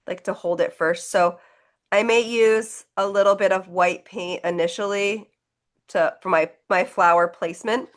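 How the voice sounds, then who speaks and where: A woman's voice: mid-range voice, fairly even intonation, a little slow. A woman leading a live online painting class, talking through each step in a chatty, encouraging way as she demonstrates. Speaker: painting instructor.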